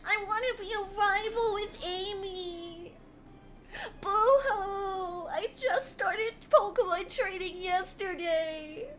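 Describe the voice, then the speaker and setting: Woman doing a mopey little fox guy, boo-hoo whiny, high voice. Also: slow pace, fairly bright tone, faint music behind, exaggerated voice. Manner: mocking, fake-sobbing. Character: whiny timid young male fox sidekick.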